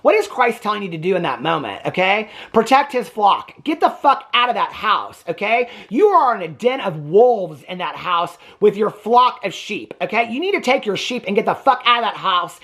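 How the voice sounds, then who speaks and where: A man's voice: sits high, sing-song, normal speed, hardly any pauses, a bit bright. A man hosting a reality TV reaction video, ranting indignantly and swearing freely in casual commentary. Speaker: TV reaction host.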